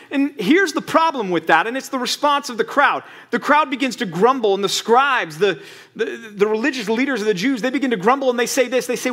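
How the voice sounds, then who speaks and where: A man preaching a sermon as pastor, reading scripture slowly and swinging between loud emphatic lines and quiet asides. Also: very high-pitched, animated. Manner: reads scripture slowly, stretching key words.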